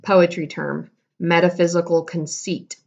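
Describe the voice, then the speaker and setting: A woman's voice: fairly low pitch, level tone, measured pace, gravelly, a little mellow. A woman teacher giving a casual recorded lesson, explaining terms and correcting herself as she goes.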